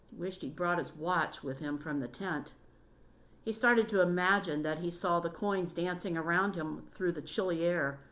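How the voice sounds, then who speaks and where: A woman reading a children's book aloud in a steady, measured storytelling manner. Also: low voice.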